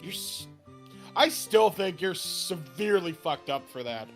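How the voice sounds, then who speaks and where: Casting: high, bright male co-host from Canada, irreverent, dry humor. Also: a little slow, soft background music. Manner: joking, irreverent, deadpan. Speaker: podcast co-host. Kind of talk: casual chat.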